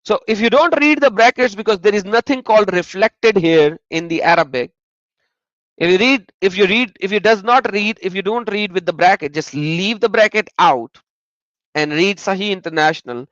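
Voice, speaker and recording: A man giving sarcastic video commentary as an online religion critic, mocking and swinging between loud exclaiming and muttering. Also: sits high, lively intonation, moderate pace, no room sound, dull audio.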